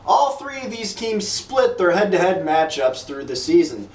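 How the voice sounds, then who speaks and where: A man hosting a mock press conference, reading league news in a crude, deadpan announcer style. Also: sits high, moderate pace, recorded from a distance. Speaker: league commissioner host. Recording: echoey room, voice off-mic.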